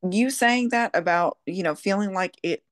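A woman's voice: mid-range voice, moderate pace, no room sound, studio quality. A woman co-hosting a podcast, chatting casually and agreeing often in a supportive way. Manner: supportive, frequent agreeing backchannels. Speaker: podcast co-host. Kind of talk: casual chat.

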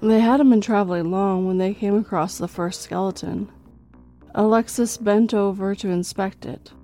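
A woman reading a horror story in a slow, measured storytelling way. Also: medium pitch, steady tone, mellow, faint music behind. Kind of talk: scripted horror narration.

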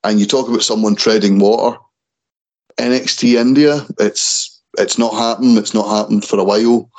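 Low-voiced man chatting casually. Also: fairly even intonation, normal speed, poor audio. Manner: stumbles and restarts over names. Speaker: wrestling podcast co-host. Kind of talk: casual chat.

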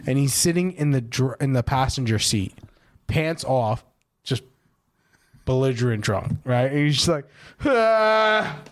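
A man co-hosting a podcast, telling a party story in casual chat, animated and profane, acting out the voices of the people in it. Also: mid-range voice, moderate pace. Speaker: podcast co-host.

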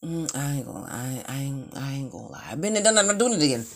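Brief: woman, low voice that swings widely in pitch, blunt and profane, rambling casual monologue. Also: big pitch swings, quick pace, a little hiss or hum. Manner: mimics sounds with shrill outbursts. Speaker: vlogger.

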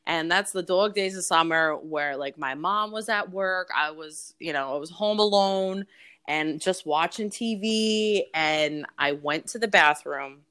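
A woman in her forties tells personal stories as an interview guest. Her voice sits a little low, and she talks openly and profanely, with plenty of fillers and laughs. The sound is close and dry, with no room echo. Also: unhurried, a bit bright, smooth. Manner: candid, frank and profane, with frequent laughs and fillers. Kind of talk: casual interview storytelling.

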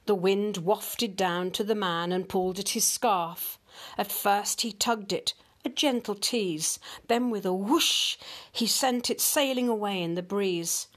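Slow, gentle grandmother storyteller. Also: medium pitch. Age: older. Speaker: grandmother reading storybooks aloud. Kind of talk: storybook read-aloud narration.

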